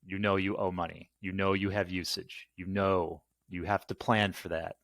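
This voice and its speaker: A man's voice: low-pitched, little pitch movement, moderate pace, fairly bright tone, no echo. A man ranting casually and at length, exasperated and swearing, rambling through a complaint. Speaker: channel host.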